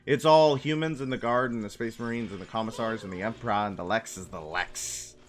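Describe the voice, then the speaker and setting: A man streaming a game, chatting casually and rambling excitedly through quick asides. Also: on the low side, music in the background. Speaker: gaming streamer. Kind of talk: casual gameplay chat.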